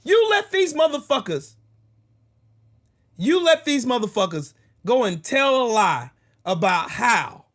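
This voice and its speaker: A man hosting his own channel, delivering a heated, profane political rant that bursts into shouting. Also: very high-pitched, sing-song, measured pace, long pauses. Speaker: political commentary channel host.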